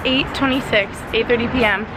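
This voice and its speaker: An excitable young woman chats straight into a phone held at arm's length, her talk full of filler words. Her voice sits fairly high and she sounds emotional and close to tears. Faint music plays behind her. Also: fairly quick. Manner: chatty, lots of "like", excitable. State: emotional, teary. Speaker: vlogger. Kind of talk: casual vlog talk. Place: walking outdoors and driving.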